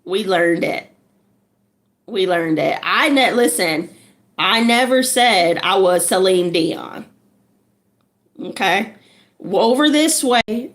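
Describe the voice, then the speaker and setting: A woman's voice: mid-range voice, fairly bright tone. A woman who is a social worker, chatting casually and laughing while strumming a ukulele. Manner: chatty, laughing, unhurried storytelling.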